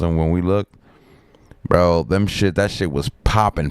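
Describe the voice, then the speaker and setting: A middle-aged man rambling through a profane story on a casual live stream, with lots of fillers and a sharply higher voice when he quotes other people. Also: normal speed, clear, resonant tone, no echo. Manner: raises pitch sharply when quoting others.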